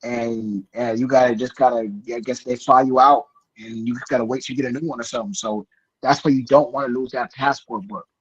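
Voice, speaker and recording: A man's voice: medium pitch, steady tone, fairly quick, breathy edge, lo-fi sound. A man on a casual podcast chat, handing out travel advice chattily and restarting his sentences often.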